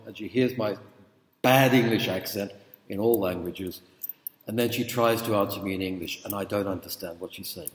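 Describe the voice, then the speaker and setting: Middle-aged man lecturing in an echoey hall. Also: fairly low pitch. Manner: informal, checks in with the audience. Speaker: university lecturer. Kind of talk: conversational lecture with anecdotes.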